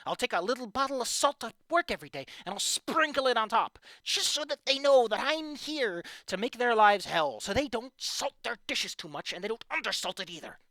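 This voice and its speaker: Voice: mid-range voice, expressive, brisk, few pauses, sharp tone, dry recording, studio quality. A fanfiction critic reading a story aloud and breaking off into exasperated, profane rants, sighing between points. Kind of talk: ranting commentary on a reading.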